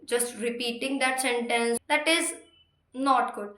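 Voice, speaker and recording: A woman with a high voice teaches English in a relaxed, explanatory way. Her tone is bright, and she restates every point several times. The room around her adds a noticeable echo. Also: measured pace, slight background noise. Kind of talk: informal explanatory lesson. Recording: roomy echo.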